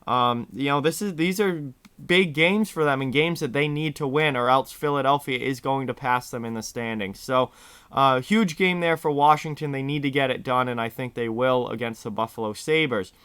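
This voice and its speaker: Hoarse man hosting a sports picks show. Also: medium pitch, normal speed, fairly bright tone, no room sound. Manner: chatty and direct to viewers. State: hoarse from yelling. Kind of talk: casual hockey picks talk.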